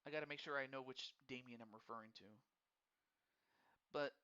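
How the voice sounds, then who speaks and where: Here the same kind of streamer talks a little fast, his medium-pitched voice pushed, bright and clean, with fairly even intonation. Hosting a live wrestling game, he speaks to viewers directly in a friendly, casual manner, frequently stammering and repeating himself while thinking out loud. It's captured in a dull lo-fi recording.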